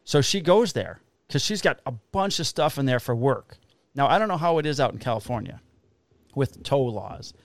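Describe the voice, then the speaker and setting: A man's voice: mid-range voice, normal speed, dry recording. Cop guy ranting through a story, swears a lot, super dry close sound. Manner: profane, animated storyteller. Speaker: podcast co-host and police officer. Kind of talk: casual storytelling chat. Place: Illinois.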